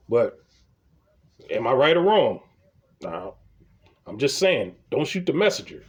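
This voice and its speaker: A very animated mid-range male voice comes through slightly slow with long pauses, and the highs are cut off. This comedy vlogger rants casually through humorous stories, swearing and repeating words whenever he starts a thought.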